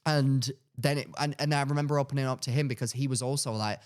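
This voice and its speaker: A young man, a podcast co-host telling a personal story in a casual, animated way, acting out his own past lines. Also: fast, smooth. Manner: animated, acts out his past self with sudden high-pitched outbursts.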